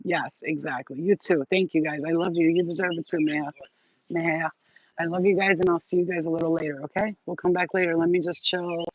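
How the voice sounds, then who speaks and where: A woman's voice: fairly low pitch, steady tone, brisk, a little hiss or hum. A woman hosting a spiritual livestream, chatting casually with viewers in a rambling, affectionate way, with lots of fillers and casual swearing. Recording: dull, dry lo-fi sound.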